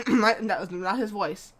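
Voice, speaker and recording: A woman's voice: mid-range voice, slow, a bit bright. A young woman chatting with giggly, self-mocking asides while playing through a story game. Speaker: gamer. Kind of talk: let's-play commentary.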